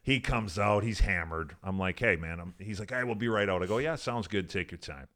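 Guy with a low bright voice spinning a crude funny story, swears a lot. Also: fairly quick. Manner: profane, animated, laughs while telling stories. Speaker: podcast guest. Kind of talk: casual storytelling.

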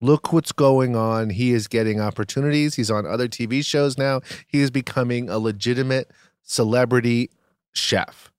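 A man's voice: mid-range voice, normal speed, smooth, no room sound, clean studio sound, lightly acted. A man doing a pushy talent agent. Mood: insistent. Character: pushy male talent agent giving a pep talk.

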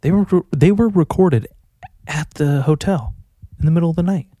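A man's voice: fairly high pitch, moderate pace, warm tone, no room sound. A man hosting his own podcast alone, talking in a rambling, profane, self-mocking way in casual chat. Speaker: podcast host. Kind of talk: casual solo podcast monologue. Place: at home with his dog.

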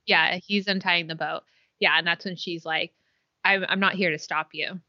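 A woman co-hosting a casual chat, excitedly recapping a TV episode and gushing over its romance. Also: lowish voice, normal speed, no echo. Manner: gushing, excitable, swoons aloud. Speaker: podcast co-host. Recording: dull, muffled dry sound.

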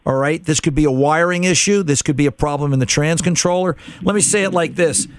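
A man's voice: on the high side, fairly quick, no room sound, clean studio sound. A middle-aged man hosting a call-in car-repair radio show, explaining in a casual, conversational way and repeating words while he thinks.

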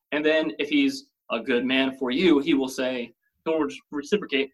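A man's voice: medium pitch, normal speed, a bit bright, low-quality recording. A man talking casually on a podcast, explaining his points with examples and plenty of fillers.

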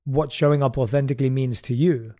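A man's voice: medium pitch, steady tone, a little fast, dark tone. A man hosting an interview, asking reflective questions and giving short affirmations. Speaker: podcast host. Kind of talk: interview conversation.

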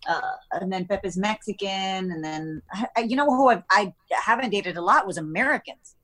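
A woman's voice: mid-range voice, normal speed, fairly bright tone. A woman guest chatting casually on a podcast, rambling with many fillers and restarts. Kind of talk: casual chat.

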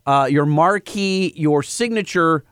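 A man's voice: fairly high pitch, slow, smooth, dry recording, studio quality. A man co-hosting a podcast in casual chat, teasing a guest. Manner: teasing, animated. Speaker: podcast co-host.

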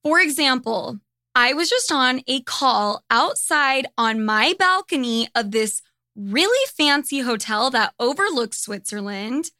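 A woman hosting a podcast talks in a frank, profane, unfiltered way. Her voice sits a little high with a bright, forward edge. The sound is close and dry, with no room around it. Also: lively intonation, unhurried, no echo. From United States. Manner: blunt, profane and candid. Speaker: podcast host. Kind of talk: casual monologue.

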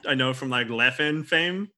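A man's voice: medium pitch, normal speed, bright, forceful tone. A man co-hosting a casual podcast about old films, chatty and self-deprecating, giggling between thoughts. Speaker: podcast co-host. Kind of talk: casual film discussion.

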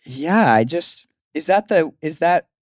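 A man's voice: a little high, animated, measured pace, dry recording, studio quality. A young man co-hosting a podcast, teasing his friend and telling rambling stories. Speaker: podcast co-host. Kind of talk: casual chat.

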